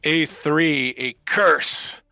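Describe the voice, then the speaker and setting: A man's voice: on the high side, extremely slow, bright, forceful tone, dry recording, faint music behind. A man narrating a tabletop game as game master, telling the story in a descriptive, dramatic way over a video call.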